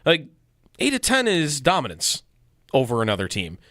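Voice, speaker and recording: A man's voice: mid-range voice, wildly swooping pitch, normal speed, sharp tone, dry recording, studio quality. Rambling sports radio co-host, man. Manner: thinks aloud with restarts and fillers.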